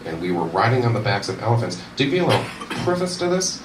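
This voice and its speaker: A man's voice: on the low side, big pitch swings, quick pace. A young man telling a rambling, self-deprecating stand-up story at a university comedy night. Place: university event room with audience. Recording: roomy echo, distant mic, audience noise.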